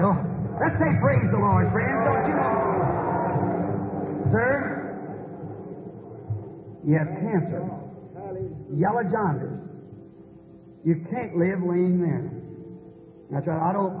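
Male evangelist, commanding revival preacher, booming hall, noisy lo-fi tape. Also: expressive, slow pace, pauses often. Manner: calls out people one by one, commanding. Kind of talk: healing service preaching. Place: large hall before a crowd. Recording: echoey hall, tinny old tape.

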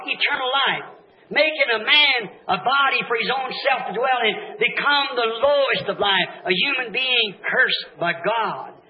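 A man preaching a revival sermon, shouting fervent declarations and then dropping to hushed, low passages. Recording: dull echoey old tape recording.

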